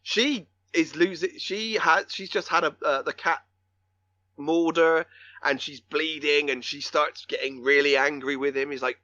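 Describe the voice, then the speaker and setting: A man's voice: on the high side, fairly even intonation, measured pace, bright, forceful tone, no echo, highs cut off. A man co-hosting a film podcast, talking casually with lots of restarts and casual swearing. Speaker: podcast co-host.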